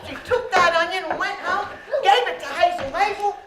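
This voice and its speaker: A woman storyteller telling a story to a live audience in an animated way, asking her listeners questions and bantering with them. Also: extremely high pitch, normal speed. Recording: roomy with faint background noise.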